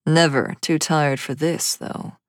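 A woman voicing a tall, affectionate father who speaks in a low, easy, gently amused way in a storybook reading. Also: fairly even intonation, slow, no room sound, studio quality. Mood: fond.

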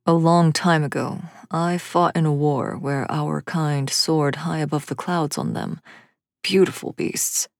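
A woman voicing a tall, affectionate father who speaks in a low, easy, gently amused way in a storybook reading. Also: fairly even intonation, measured pace, gravelly, no room sound, clean studio sound. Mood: fond.

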